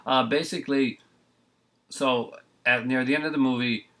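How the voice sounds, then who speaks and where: A man's voice: medium pitch, fairly even intonation, moderate pace, fairly bright tone. A man reviewing a bad movie in casual chat, rambling and exasperated, often joking.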